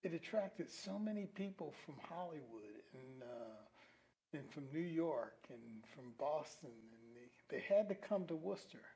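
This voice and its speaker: A man's voice: on the high side, animated, measured pace, mellow, rough recording. A man hosting a local-history talk show, rambling a little with fillers and restarts. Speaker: host. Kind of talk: casual local-history chat.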